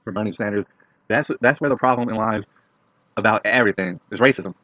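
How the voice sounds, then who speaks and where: A young man with a lowish voice delivers a blunt, profane opinion rant straight to his viewers, punctuating points with questions to them. The recording is dry and somewhat dull, with a lo-fi feel. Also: a little fast, pushed and bright, dry recording. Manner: blunt, profane, keeps asking "all right?". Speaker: vlogger. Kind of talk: ranting opinion monologue to camera.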